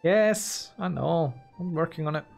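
In a fairly high, creaky voice and an unhurried pace, a gaming video host casually narrates his own strategy game. It's let's-play commentary full of musing and playful self-talk, set against soft game music.

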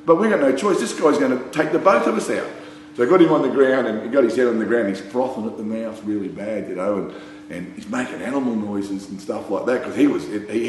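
A man's voice: medium pitch, darkish tone. A man with an Australian accent telling a casual anecdote, rambling with fillers and breaking into laughter. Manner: rambling, laughing, full of "you know" and "mate". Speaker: storyteller. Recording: very echoey room with faint hum.

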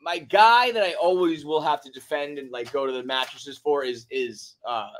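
A man co-hosting a casual sports podcast, halting and repeating himself as he thinks aloud. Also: fairly high pitch, slight background noise. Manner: halting, repeats himself, gets loud when hyped. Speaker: podcast co-host.

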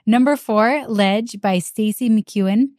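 Mellow-voiced woman cohosting a book podcast, chatty, dry close sound. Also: medium pitch, slow pace, dry recording. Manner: chatty, lots of fillers and quoted asides. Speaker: podcast co-host. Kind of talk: casual chat.

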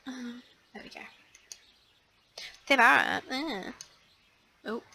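A young woman chatting casually through a life-sim let's play, excitable, gasping and filling pauses with ums. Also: fairly high pitch, gravelly, husky, low-quality recording. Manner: chatty and excitable, frequent gasps and fillers. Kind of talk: casual gameplay commentary.

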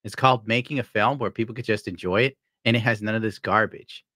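A man chatting casually on a podcast, telling animated stories and mimicking voices. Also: on the low side, fast talker, no room sound, clean studio sound. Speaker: podcast co-host.

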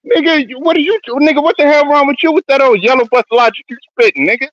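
A man arguing loudly and profanely in a heated sports debate. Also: very high voice, fast, dry recording, lo-fi sound. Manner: loud, argumentative, profane. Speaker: podcast co-host.

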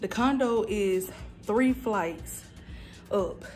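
A woman from North Carolina talking straight to her viewers in a casual vlog. She sounds laid-back, slangy and a bit worn out, and her voice sits at a middling pitch. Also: drawn-out words, a little mellow, faint music behind. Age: adult mother. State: out of breath and tired. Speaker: vlogger.

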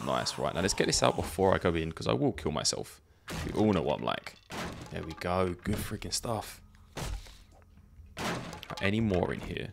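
A very animated man with a low, creaky voice talks at a moderate pace and pauses often, with background noise present. As a gaming YouTuber, he provides let's play commentary on a zombie survival game, chatting casually, thinking aloud, and laughing often.

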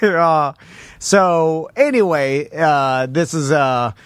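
Man, 30s, comedy podcast co-host, high voice, animated storyteller, laughs a lot. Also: drawn-out words, smooth, dry recording. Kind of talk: casual comedic chat.

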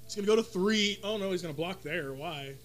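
A man's voice: high-pitched, a little fast, a bit bright, a little hiss or hum. A man playing a card video game with a friend, commenting casually and ranting with lots of profanity. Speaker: gamer.

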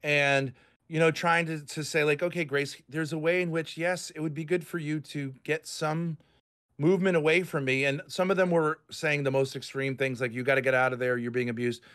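A man's voice: on the high side, fairly even intonation, normal speed, a bit bright. A man in his fifties from Rhode Island, ranting angrily and profanely on a voice call. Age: 50s. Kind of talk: heated online group chat.

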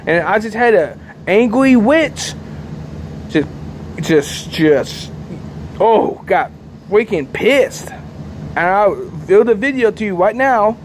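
A man's voice: sits high, animated, slow, pauses often, a little hiss or hum. A man rambling repetitively to camera outdoors, agitated and sleepy. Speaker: vlogger. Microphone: handheld camera.

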